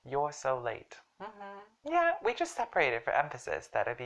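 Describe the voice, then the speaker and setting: Very low-voiced woman teaching English. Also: wildly swooping pitch, normal speed, creaky, few pauses. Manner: chatty, jokey, emphatic explaining. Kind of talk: casual online language lesson.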